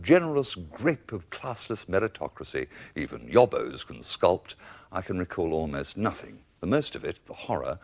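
An English man telling a spoken-word memoir in wry, ornate, theatrical language. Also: low voice. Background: instrumental music.

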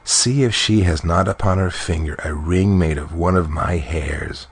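A man voicing a small, jealous, spiteful dwarf who boasts menacingly in a storybook reading, his voice low and husky. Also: unhurried, full character voice.

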